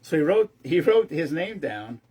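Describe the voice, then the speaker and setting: A man's voice: on the high side, big pitch swings, unhurried, husky, lo-fi sound. A man hosting his own show, telling a long-winded, rambling story casually with lots of restarts. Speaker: host of a veteran care-package group.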